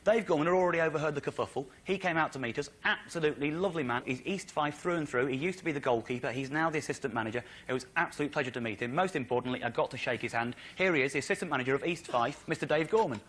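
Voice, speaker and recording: An English comedian tells a rambling story on stage, animated and comically exasperated. His voice is fairly high and bright, with a forceful edge. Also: racing, few pauses. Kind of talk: stand-up storytelling to a studio audience.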